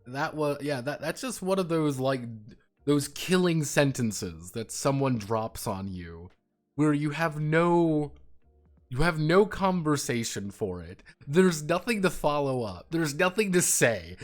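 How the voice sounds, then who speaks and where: A man's voice: on the high side, animated, a little slow, soft background music. A man chatting casually on his stream, swearing freely and laughing hard while he tells stories. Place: home streaming setup.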